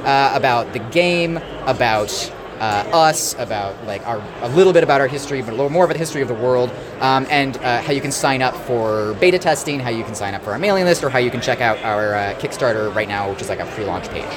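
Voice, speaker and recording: A man with a mid-range voice speaks fast as he shows off his game in a crowded convention hall, his story rambling and full of fillers; he's sleep-deprived and going hoarse. Noisy crowd chatter sits behind the interview.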